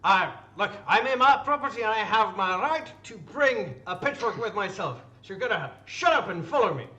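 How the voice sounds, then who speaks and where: A man's voice: sits high, sing-song, normal speed, bright, forceful tone, reverberant, pitched above the performer's own voice, exaggerated voice. A man voicing a touchy rural farmer with a Southern American drawl. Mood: gruff.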